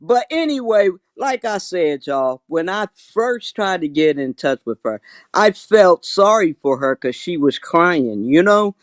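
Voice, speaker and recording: A man on an online call talks slowly and deliberately on a livestream panel. His voice sits slightly high and comes across dry and close. He taunts and insists, pressing his point. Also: very animated, no echo. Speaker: panel participant. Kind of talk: confrontational livestream panel talk.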